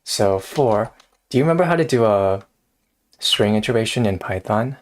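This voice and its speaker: A man's voice: fairly low pitch, animated, normal speed. A man hosting a casual live coding stream, thinking aloud in a hesitant way and often laughing. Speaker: streamer host.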